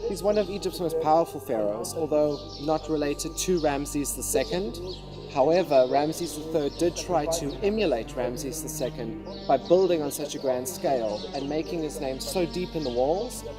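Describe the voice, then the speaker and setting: A man's voice: fairly high pitch, moderate pace. A man casually explaining a temple to the viewers as a guide. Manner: relaxed, explanatory. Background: music.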